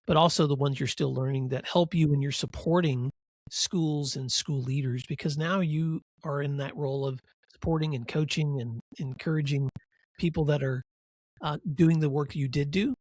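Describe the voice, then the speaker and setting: A reflective male podcast host who affirms his guest and restates the guest's points. His voice is slightly husky and a little high, recorded close and dry with no room sound. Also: steady tone, moderate pace, a little mellow, no room sound. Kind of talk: interview host questions.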